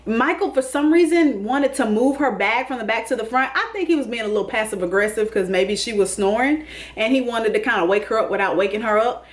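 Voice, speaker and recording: A woman's voice: a little high, expressive, brisk. A woman hosting a casual comedic TV recap, sassy, calling people honey and baby and laughing often. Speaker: YouTube TV recap host.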